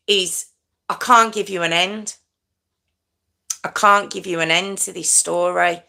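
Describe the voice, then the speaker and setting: A woman's voice: lowish voice, vocal fry, pushed and bright. A middle-aged woman hosting a true crime livestream, chatting casually and stumbling over her words as she corrects herself. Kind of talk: rambling casual live chat.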